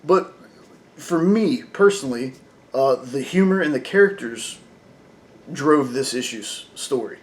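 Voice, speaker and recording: A man's voice: mid-range voice, expressive, measured pace. A man reviewing a comic book in casual talk, chatty and full of fillers, often laughing.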